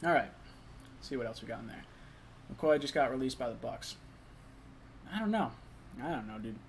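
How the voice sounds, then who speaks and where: A man's voice: mid-range voice, animated, normal speed, a little hiss or hum. A young man hosting a casual live stream, chatting loosely, reading chat messages and talking while eating.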